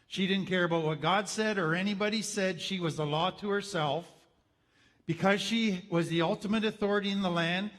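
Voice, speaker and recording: A man's voice: high voice, a bit bright, long reverb tail. A man giving a conversational teaching talk, telling a story with wry humorous asides. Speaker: teacher on trauma.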